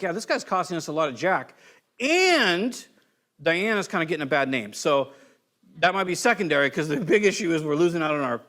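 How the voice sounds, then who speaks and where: A man from California preaching a sermon as pastor, telling stories in a loose, conversational way and acting out quotes. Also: high-pitched. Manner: conversational, animated storytelling with voiced quotes.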